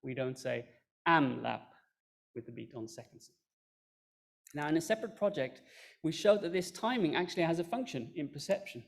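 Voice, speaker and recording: A man presenting research findings at a conference, explaining in a relaxed way with fillers and dry asides. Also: on the high side, fast talker. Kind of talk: recorded academic talk.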